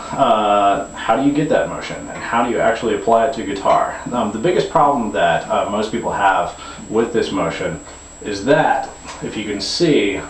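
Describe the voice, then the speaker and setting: A deep-voiced man talks through a guitar lesson in an easygoing, unscripted way, stopping to restart his sentences and dropping fillers as he goes. He sounds a few steps from the mic, in an echoey room with a faint hum of ambience behind him. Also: recorded from a distance. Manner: relaxed explaining with frequent fillers and restarts. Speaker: guitar teacher. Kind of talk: demonstration lesson.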